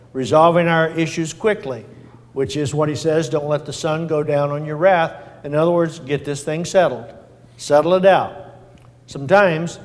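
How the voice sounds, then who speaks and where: A man preaching a sermon in a folksy, plain-spoken way, repeating his points and working in small fillers. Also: fairly high pitch. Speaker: pastor. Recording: long hall reverb.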